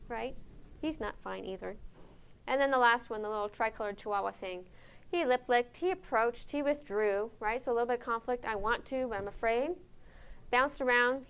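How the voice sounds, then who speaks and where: A woman giving a conference lecture on animal behavior, lively and engaging, often checking in with her audience with questions. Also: fairly high pitch, smooth. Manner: lively, asks the audience questions, frequent "right?".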